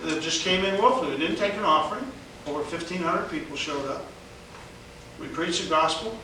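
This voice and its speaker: Animated high-voiced man in an echoey room. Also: noisy background. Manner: animated, laughs often, acts out other people's lines. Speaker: evangelist telling his testimony. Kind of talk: storytelling conversation. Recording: very echoey room, mic at a distance.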